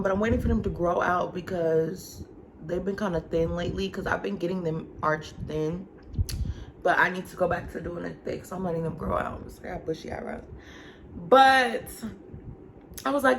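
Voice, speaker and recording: A woman's voice: mid-range voice, normal speed. Young adult woman, talkative vlogger at home, casual storytelling voice, slight room hiss. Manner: chatty, animated, addresses viewers as y'all and girl.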